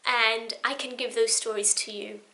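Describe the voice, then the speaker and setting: A woman's voice: on the high side, little pitch movement, moderate pace, bright, forceful tone. A woman in her twenties from Poland, talking to camera in an emotional personal vlog, earnest and rambling, with frequent restarts. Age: 20s. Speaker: vlogger.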